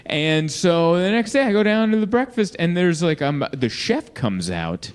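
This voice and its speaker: Animated male stand-up comic. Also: sits high, moderate pace, smooth. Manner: lively storytelling, acts out quoted people in shifting voices. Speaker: stand-up comedian. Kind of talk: stand-up comedy set. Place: comedy club stage. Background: audience laughter.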